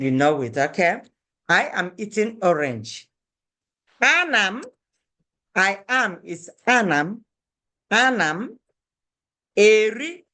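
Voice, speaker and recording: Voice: medium pitch, fairly bright tone. An Igbo language teacher giving a lesson, patiently repeating each phrase and checking in with "okay?".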